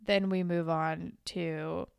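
A young woman chats through a show recap in a smooth, clear voice. The sound is dry and close, with no room around her. She talks loosely, swears freely and acts out the characters' lines. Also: on the low side, little pitch movement, takes it slowly, no echo. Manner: chatty, swears, acts out quotes. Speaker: podcast co-host. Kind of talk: casual recap chat.

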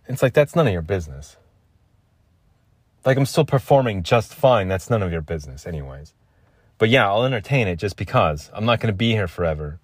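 A man's voice: fairly low pitch, lively intonation, moderate pace, no room sound. Guy griping on his podcast, fed up, says man and dude a lot, dry close sound. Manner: frustrated, complaining, repeats himself; swears often, calls listener man and dude. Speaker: podcast host. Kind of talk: casual solo rant.

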